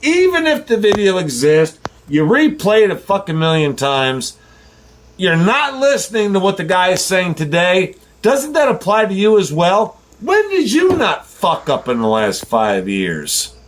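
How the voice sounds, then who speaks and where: Fired-up man ranting, high lively voice. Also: measured pace. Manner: profane, fired-up and confrontational. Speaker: delivery driver vlogger. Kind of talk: heated rant to camera.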